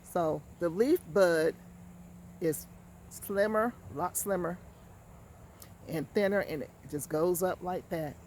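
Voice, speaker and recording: A woman's voice: on the low side, slow pace, long pauses, darkish tone, a little hiss or hum. A woman hosts a casual how-to vlog from her backyard garden, chatting straight to viewers and repeating words for emphasis. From Georgia, USA. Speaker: gardening channel host.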